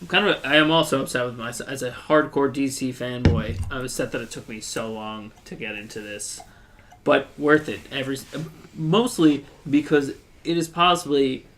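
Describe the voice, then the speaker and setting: A man's voice: medium pitch, fairly even intonation, moderate pace, fairly bright tone, a little hiss or hum. A man appearing as a guest on a casual comics podcast, joking and opinionated. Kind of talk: casual chat.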